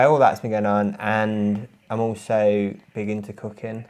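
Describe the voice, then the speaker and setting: A man making a prank call, rambling earnestly and deadpan with fillers and hesitations. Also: lowish voice, unhurried. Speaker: prank caller.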